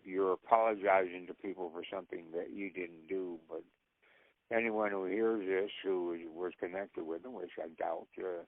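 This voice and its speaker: A man's voice: deep voice, fairly even intonation, normal speed, no echo. An older man, an actor, telling rambling anecdotes with frequent laughs. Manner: rambling storyteller who laughs often. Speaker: actor guest. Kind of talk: casual anecdotes. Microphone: phone. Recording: tinny phone line.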